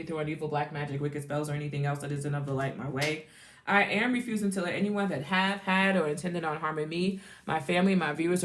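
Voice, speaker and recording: A woman giving a casual, chatty tarot reading, repeating phrases and laughing often. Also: on the low side. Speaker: tarot reader.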